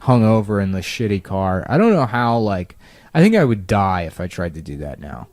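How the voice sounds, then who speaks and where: A man's voice: fairly low pitch, sing-song, moderate pace, darkish tone, dry recording. A man co-hosting a comedy podcast, chatting in a rambling, profane way. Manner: rambling, profane, drops into silly voices. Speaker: podcast co-host. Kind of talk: casual podcast banter.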